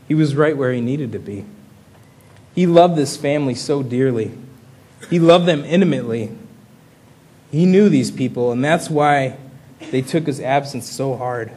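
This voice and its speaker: Husky-voiced man preaching a sermon. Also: medium pitch, a little slow, pauses often, darkish tone. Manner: earnest, rising to impassioned pleas.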